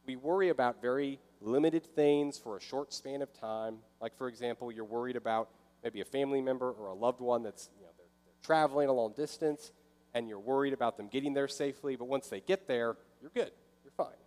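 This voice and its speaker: A man's voice: mid-range voice, fairly quick, darkish tone. A man delivers a sermon in an easy, conversational manner. He sometimes slips into short voices of a worried listener. His voice rings with a long hall reverb. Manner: conversational, acts out inner voices. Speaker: pastor.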